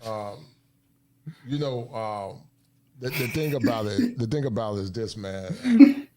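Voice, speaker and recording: A man co-hosting a casual podcast chat, halting and repeating words as he talks. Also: mid-range voice, sing-song, crowd noise.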